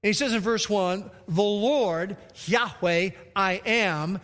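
A man's voice: sits high, slow pace, fairly bright tone, in a large hall. A man preaching a sermon as pastor, telling a story and then reading scripture with strong emphasis.

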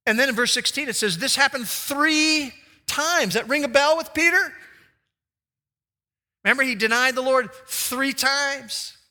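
Bright-voiced male preacher in a reverberant hall. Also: measured pace. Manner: animated, acts out quoted voices with big jumps in pitch. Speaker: pastor. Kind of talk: sermon. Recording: long reverb of a large hall.

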